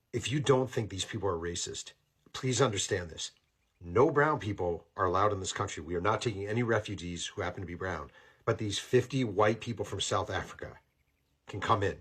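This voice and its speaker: Husky low-voiced man ranting indignantly. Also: brisk, fairly bright tone. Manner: indignant, repeats points for emphasis, swears. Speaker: commentator. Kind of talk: angry political commentary.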